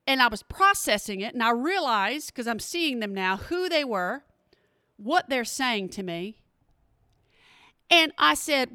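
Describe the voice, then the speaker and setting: A high, bright-voiced woman, chatting to her podcast listeners. Her delivery is animated and full of exclamations, with a dry, close sound. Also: measured pace, long pauses, no echo. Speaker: podcast host. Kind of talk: casual storytelling monologue.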